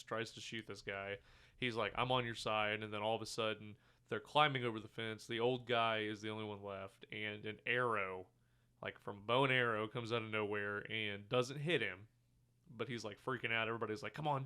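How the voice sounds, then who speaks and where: A man's voice: lowish voice, sharp tone, clean tone. A man co-hosting a podcast, casually retelling movie scenes and acting out the characters' lines with some swearing. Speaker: podcast co-host. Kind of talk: casual movie review chat.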